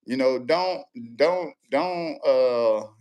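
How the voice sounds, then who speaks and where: A man, an umpire guest in a casual interview, telling lively stories and often checking in with the listener. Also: mid-range voice, extremely slow. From Central Texas.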